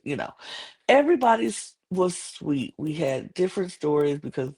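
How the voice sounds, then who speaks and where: A woman's voice: low voice, very animated, moderate pace, a little mellow, husky. A woman hosting a podcast, chatting casually through a show recap with many fillers and restarts. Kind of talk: casual chat.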